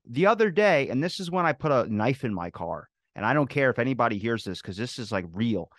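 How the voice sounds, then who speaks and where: A man talking fast in a dry, close-miked podcast setting. He rambles through everyday anecdotes, piling up fillers like "like" and "you know" as he goes. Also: mid-range voice, expressive, no echo. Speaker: podcast guest, food truck owner. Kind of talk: casual chat.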